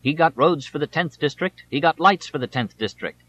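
A man doing a booming campaign announcer. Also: expressive, normal speed, a bit bright, highs cut off. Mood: salesy. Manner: high, declaiming, drawn out. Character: booming male campaign announcer giving a nonstop spiel.

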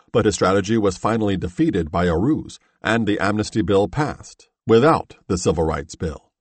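A man narrating a history audiobook in a measured, steady reading voice. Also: low-pitched, slightly rough, no echo.

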